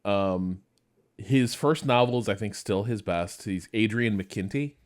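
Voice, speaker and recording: A man's voice: fairly low pitch, unhurried. A man co-hosting a podcast, chatting casually in a rambling, curious way. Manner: curious, rambling, full of fillers. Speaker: podcast co-host. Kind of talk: casual chat.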